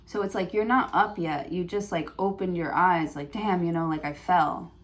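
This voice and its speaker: A woman's voice: lowish voice, normal speed. A woman giving a prerecorded tarot reading, thinking aloud with many fillers and restarts. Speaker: tarot reader.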